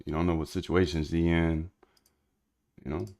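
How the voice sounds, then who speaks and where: This is a man with a very low voice, loose and slangy as he works through code on a live stream. He mutters to himself and tosses asides at his chat in an easygoing, rambling way. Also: flat delivery, moderate pace, a little mellow. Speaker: livestreaming programmer.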